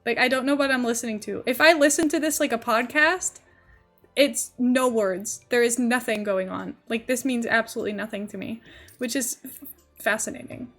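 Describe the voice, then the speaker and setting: A woman's voice: on the high side, moderate pace, a bit bright, soft background music. A young woman streaming live, rambling casually and thinking aloud as she builds in a game. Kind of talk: casual livestream chat while building in a game.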